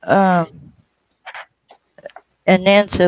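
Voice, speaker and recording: A man's voice: on the high side, normal speed, creaky, a little mellow, no room sound, rough recording. A man chatting casually and teasing, joking along with the host. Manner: teasing, jokey. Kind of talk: casual chat.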